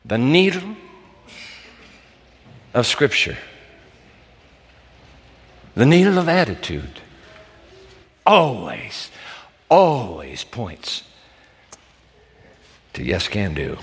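A pastor delivers a dramatic sermon in a reverberant church sanctuary, performing the voices he quotes. His medium-pitched voice swings hugely in pitch, with drawn-out words, frequent pauses, and a breathy edge.

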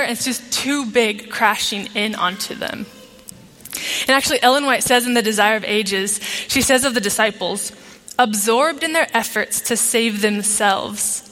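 Woman pastor, somewhat high voice, lively sermon to the congregation, long church reverb. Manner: engaging, asks the congregation questions. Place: church sanctuary. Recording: long reverb of a large sanctuary.

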